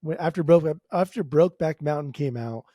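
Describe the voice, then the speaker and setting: Swearing podcast co-host. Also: male voice, fairly high pitch, brisk, no echo, clean studio sound. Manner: loose, swearing, laughing, animated. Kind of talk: casual chat.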